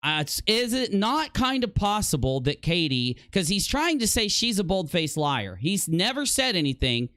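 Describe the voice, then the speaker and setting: A man voices heated commentary, accusing and repeating himself for emphasis. His pitch sits on the high side and swings widely. The room is dry and close. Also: sing-song, normal speed, hardly any pauses, a bit bright, no echo. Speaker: commentary vlogger. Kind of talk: indignant commentary.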